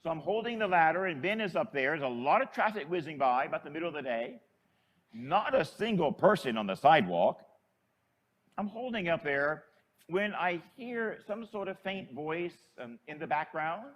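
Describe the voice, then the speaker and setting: An older man and priest telling a chatty, animated story in a sermon. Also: a little high, moderate pace, dull audio.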